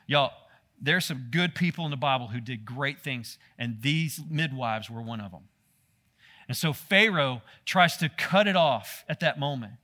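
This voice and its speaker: A man preaching a sermon, animated and talking straight to his listeners. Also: mid-range voice, unhurried. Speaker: pastor.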